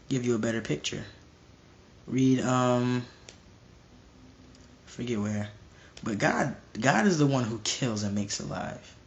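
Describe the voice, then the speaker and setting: A young man preaching informally to a live stream, emphatic and repetitive, often restarting his phrases. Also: medium pitch.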